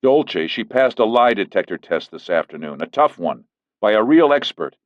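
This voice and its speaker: Man voicing a firm man, measured, defensive, dry lo-fi sound. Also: fairly low pitch, big pitch swings, no echo, voice pushed up. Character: firm middle-aged man, a lawyer. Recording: dull lo-fi recording.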